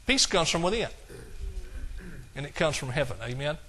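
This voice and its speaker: A man preaching a sermon in a folksy way, slowing down to quote scripture in a measured cadence and chuckling at his own jokes. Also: a little high, very animated, a bit bright.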